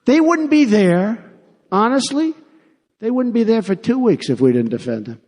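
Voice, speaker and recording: A man delivering a rambling, boastful campaign speech from a podium microphone. His voice sits high for a man and swings widely in pitch. A long arena reverb trails every phrase. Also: sing-song, moderate pace, darkish tone. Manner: boastful, repetitive, off-the-cuff. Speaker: political candidate. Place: large rally venue.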